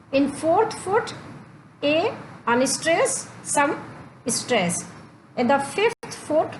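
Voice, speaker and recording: Woman, Indian English accent, teacher, fairly high voice, slow deliberate lecture, repeats points. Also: slight background noise. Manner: repeats and restates points, deliberate stepwise explanation. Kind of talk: slow classroom lecture on poetry.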